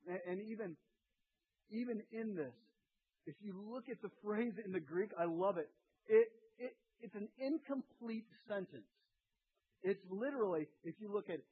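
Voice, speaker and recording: A middle-aged man preaching a sermon as pastor, lively and acting out voices of the people in his story. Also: sits high, normal speed, slightly rough. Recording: tinny phone-like sound.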